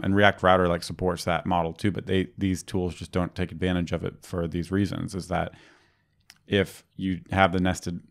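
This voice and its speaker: A man co-hosting a podcast, talking casually and at length, with many fillers and restarts. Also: sits low. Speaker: podcast co-host. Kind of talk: casual technical chat.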